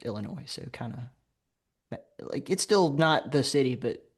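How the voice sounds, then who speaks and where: Male podcast guest, grew up in Alabama, mid-range voice, spins an anecdote with lively laughs. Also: mid-range voice, unhurried. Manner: lively anecdote telling, laughs while talking. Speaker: podcast guest, game designer. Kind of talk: casual conversational storytelling.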